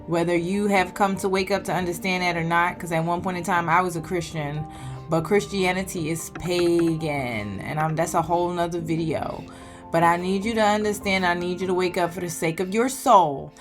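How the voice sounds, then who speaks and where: A woman's voice: lowish voice, fairly even intonation, moderate pace, music in the background. A woman vlogger giving a preachy bible study talk, often checking in with "okay?". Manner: preachy, keeps asking "okay?".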